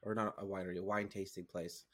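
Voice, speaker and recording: A man's voice: low-pitched, level tone, quick pace, a bit bright. Rambling man in casual podcast banter. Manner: hesitant, many fillers and restarts, defensive. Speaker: podcast co-host. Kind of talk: casual chat.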